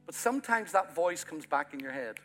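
A bright, ringing male voice from Ireland preaches from a church platform. He rises to loud, emphatic peaks and then drops to a near-hushed intimacy, a touch high for a man, with soft band music beneath him. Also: expressive, a little fast. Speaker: pastor. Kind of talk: sermon.

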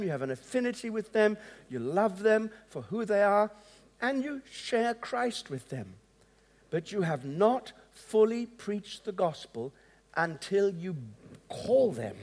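A man pastor preaching a sermon in a conversational way, acting out dialogues and chuckling at his own asides. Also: high voice. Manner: acts out both sides of dialogues. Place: large church hall. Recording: long hall reverb.

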